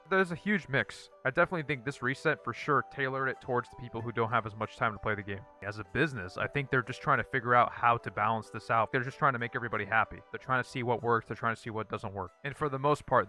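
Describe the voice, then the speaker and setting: Male gaming host, bright tense tone, dry repetitive verdicts, faint music underneath. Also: mid-range voice. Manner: repeats one-word verdicts in a dry, flat way. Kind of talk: casual gameplay commentary.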